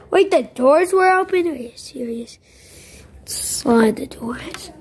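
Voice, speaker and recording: A woman's voice: high-pitched, expressive, takes it slowly, darkish tone. A girl narrating her toy play in a rambling, playful way. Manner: rambling, playful, voices toys. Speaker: video maker playing with toys. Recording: noisy home recording.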